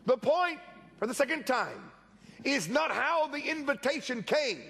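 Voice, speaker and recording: A middle-aged man preaching a sermon in church, telling lively stories and acting out the voices of the people in them. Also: very high voice, moderate pace, vocal fry, slightly rough. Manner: animated storytelling preacher, acts out quoted voices. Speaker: pastor.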